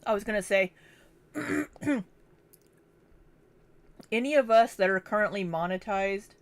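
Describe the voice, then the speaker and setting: A woman's voice: medium pitch, expressive, takes it slowly. A tired woman hosting a livestream, rambling and self-deprecating, hiccuping after hours of streaming. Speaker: livestream host. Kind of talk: casual livestream chat.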